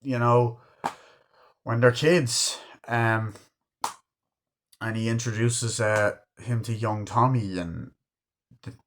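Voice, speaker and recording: A man's voice: medium pitch, takes it slowly, long pauses, noisy background. Rambling, swearing man reviewing a film. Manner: animated, acts out quoted lines in put-on voices; swears freely, loose rambling delivery. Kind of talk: casual movie review.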